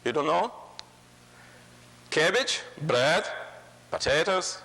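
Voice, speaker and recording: A Russian man in his forties lectures a college audience in plain, broken, Russian-accented English and slips in dry jokes. His voice is bright and sits a little high. A long reverb from the lecture hall trails after his words. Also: big pitch swings, slow pace, gravelly. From Russia (Moscow). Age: 40s. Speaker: guest speaker. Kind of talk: humorous lecture.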